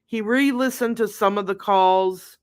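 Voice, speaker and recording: A woman's voice: medium pitch, a little slow, clean tone. A woman hosting a live-stream recap of a trial, chatting unhurriedly with her viewers. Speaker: true crime livestream host.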